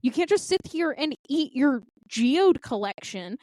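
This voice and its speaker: Woman, twenties, podcast co-host, casual chat, dramatic and intense, lively pitch, dry close sound. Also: measured pace, no room sound. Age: 20s. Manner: intense, dramatic storytelling with acted-out quotes.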